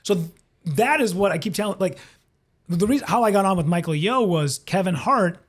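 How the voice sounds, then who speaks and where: High-voiced man telling animated stories. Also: fairly quick. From Minnesota. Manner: animated, acts out other people's lines in quoted voices. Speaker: comedian and former radio host, interview guest. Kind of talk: casual storytelling in a podcast interview.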